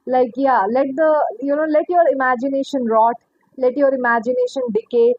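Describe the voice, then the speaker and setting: A young woman with a high voice talks through a tarot reading in a loose, rambling way, laughing often and swearing without a second thought. The recording is dry and a little dull, with no room sound around her. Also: moderate pace, no room sound. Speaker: tarot reader. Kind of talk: casual tarot reading monologue.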